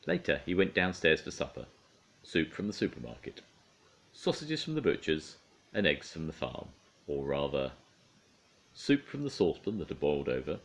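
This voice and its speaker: Older man, grandfather, low voice, lively intonation, playful bedtime storytelling. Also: moderate pace, creaky. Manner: expressive, playful storytelling to children. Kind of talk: storybook read-aloud.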